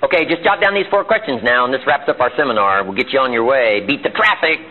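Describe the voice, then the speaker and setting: A man's voice: medium pitch, lively intonation, fast, a little hiss or hum. A man giving a live motivational seminar in a meeting room. He is emphatic and fires off rhetorical questions. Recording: tinny lo-fi archival seminar tape.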